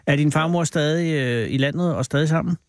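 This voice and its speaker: A man's voice: a little high, fast, no room sound, clean studio sound. A male radio host with a Danish accent, chatting playfully with guests in English and stumbling over words now and then. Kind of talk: casual call-in radio chat.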